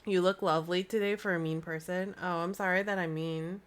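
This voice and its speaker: A woman hosting a live stream, chatting in a bubbly, excitable way into a desk mic. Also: lowish voice, brisk, smooth. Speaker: livestream host. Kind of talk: casual live-stream chat.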